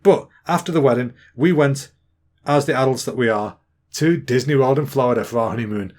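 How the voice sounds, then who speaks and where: English man, 30s, podcast host; relaxed rambling storyteller, quick with jokes. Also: mid-range voice. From England. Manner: rambling, chatty, jokey. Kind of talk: casual storytelling monologue.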